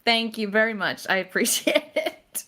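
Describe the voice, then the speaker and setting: A woman guesting on a casual podcast, playful and quick to laugh. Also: fairly high pitch, animated, pushed and bright.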